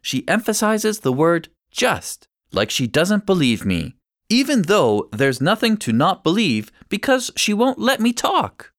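Male audiobook narrator, first-person story, measured and clear, animated pitch, dry close sound. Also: dry recording.

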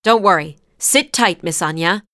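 A woman voicing a calm, wry male driver from India, easygoing and teasing. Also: lowish voice, moderate pace, dry recording, clean studio sound.

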